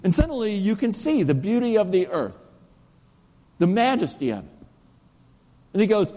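Lively pastor preaching in echoing church. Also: male voice, sits high. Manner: animated storytelling, drops to soft slow emphasis. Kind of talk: sermon. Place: church sanctuary. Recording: long church reverb.

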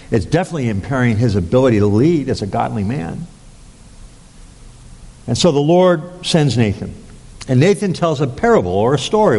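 Man preaching in an echoing church. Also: a little mellow. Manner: halting, many fillers and restarts; acts out quoted lines with raised pitch. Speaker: pastor. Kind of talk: sermon. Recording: long hall reverb.

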